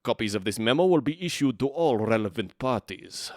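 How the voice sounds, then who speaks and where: A man putting on a Russian accent to play a stern male Soviet officer who reads out a memo in a loud, clipped, official way. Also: medium pitch, lively intonation, fairly quick, dry recording, clean studio sound, lightly acted. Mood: officious. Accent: put-on Russian.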